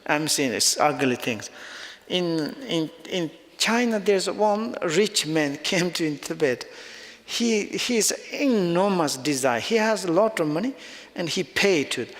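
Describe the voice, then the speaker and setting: Guy teaching buddhism, slow broken english, kinda high voice, chuckles a lot. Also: lively intonation, a bit bright. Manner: halting non-native English, loose phrasing; chuckles often while explaining. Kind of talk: dharma teaching. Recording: long reverb of a large hall.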